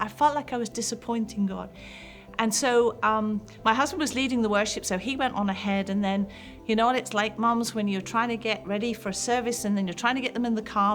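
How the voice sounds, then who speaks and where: A woman's voice: a little high, fairly bright tone. A middle-aged woman pastor, telling a personal testimony in an earnest, heartfelt way over faint music.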